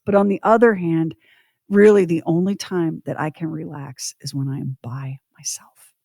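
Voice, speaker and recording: A woman's voice: sits low, fairly even intonation, normal speed, creaky, dark tone, no room sound, clean studio sound. A middle-aged woman co-hosting a podcast, telling a personal story in an earnest, reflective way. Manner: earnest, reflective, speaking openly about her past. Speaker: podcast co-host.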